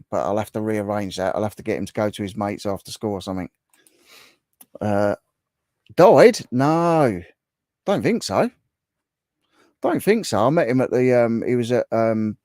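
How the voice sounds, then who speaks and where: Male streamer, lowish voice, dry close mic, loose friendly chat. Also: warm tone, no room sound. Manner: chatty, laughs often, reads viewer comments aloud. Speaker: livestream host. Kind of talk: casual livestream chat reading comments.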